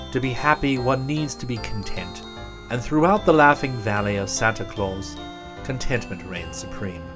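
A man reads a storybook aloud in a measured way. His narration is expressive, with a middle-pitched voice.

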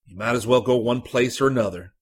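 A sullen young Tennessee man, put on by a male narrator talks in a high, nasal, pushy voice with a husky edge. He is sour and brooding, pressing his point in a storybook reading. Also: brisk, natural voice. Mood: sullen, insistent.

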